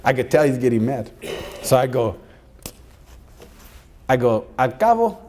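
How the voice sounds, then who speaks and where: A middle-aged man telling a personal story to an audience in an animated way, dropping Spanish phrases into his talk. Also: medium pitch, measured pace, slight background noise. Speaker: speaker addressing college staff.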